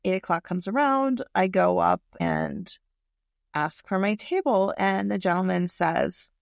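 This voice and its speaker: A woman casually telling a personal story, candid and animated, swearing freely as she goes. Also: mid-range voice, measured pace, vocal fry, dry recording, clean studio sound.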